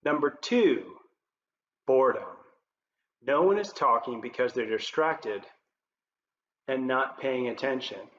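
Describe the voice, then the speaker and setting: A man presenting as a leadership coach, giving scripted tips to camera in a clear, upbeat presenter manner. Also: medium pitch, expressive, takes it slowly, pauses often, fairly bright tone. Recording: roomy, slightly dull with faint noise.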